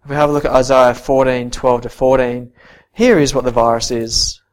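Man preaching, earnest, goes soft then punchy, mid voice. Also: medium pitch, moderate pace. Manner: earnest, swings from soft to emphatic. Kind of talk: sermon with Bible reading.

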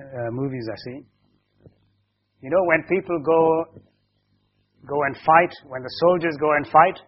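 A man, a pastor, telling a children's story during a service, slowly explaining and asking the children questions as he goes. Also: mid-range voice, husky. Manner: slow and explanatory. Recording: dull lo-fi recording.

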